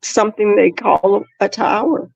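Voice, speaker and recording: Gravelly woman co-host on dull audio. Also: medium pitch, steady tone, measured pace, a little mellow, dry recording. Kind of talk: casual livestream chat.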